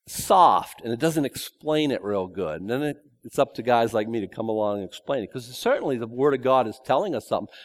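A man preaching a verse-by-verse sermon in a conversational way, with joking asides and emphatic repetition. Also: medium pitch. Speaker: pastor. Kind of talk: expository sermon.

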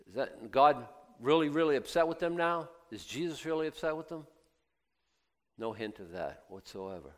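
A man preaching a sermon, swinging between quiet reflection and loud excited emphasis, acting out the voices of biblical figures and doubters. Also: mid-range voice, moderate pace. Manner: laughs now and then, talks in restarts.

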